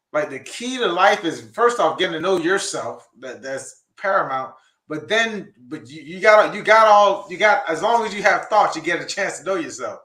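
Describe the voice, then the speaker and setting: A man's voice: a little high, sharp tone. A man co-hosting a casual chat, talking earnestly in a folksy way and often repeating his words. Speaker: co-host. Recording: echoey room.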